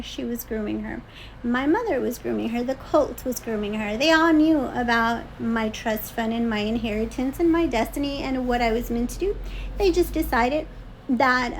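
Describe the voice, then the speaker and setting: A woman's voice: high-pitched, a little hiss or hum, poor audio. A middle-aged woman telling a personal story, agitated, full of fillers and restarts, acting out what others said. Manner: agitated, frequent fillers and restarts, acts out quoted speech. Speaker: vlogger.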